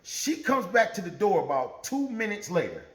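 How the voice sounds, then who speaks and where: A man's voice: sits high, moderate pace. A man telling a true story in a casual, profane, laughing way, with roomy echo. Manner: profane, animated, laughing often.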